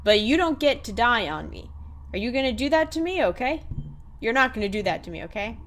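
A woman voicing a loyal, excitable young man fox who gives his best friend an insistent pep talk. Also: a little high, a little fast, a little hiss or hum. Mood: earnest.

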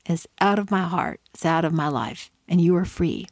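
A middle-aged woman hosting a faith-based podcast, giving earnest, conversational advice with reflective pauses. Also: lowish voice, a little mellow, no echo, clean studio sound. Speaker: podcast host.

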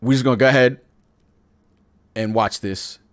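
A man's voice: medium pitch, fairly even intonation, moderate pace. A young man hosting a video reaction, emotional and pleading, swearing often as he talks. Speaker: YouTube reaction host.

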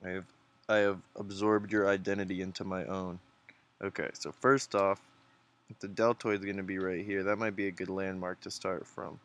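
A man's voice: low voice, little pitch movement, moderate pace. A man hosting a casual drawing tutorial, chatty and encouraging, thinking aloud as he sketches. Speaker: art tutorial host.

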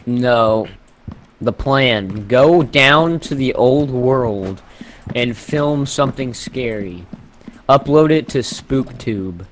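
A man's voice: mid-range voice, slow, slight background noise. Playful gamer man in a reverberant space. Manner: playful, mock-presenter banter, shouts when startled. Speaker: guest gamer. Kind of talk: casual gaming chat with a friend.

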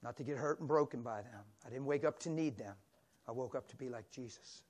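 A man in his sixties preaching a sermon in a church, telling stories animatedly and swinging from loud exclamations to a soft near-whisper. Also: medium pitch, a little fast.

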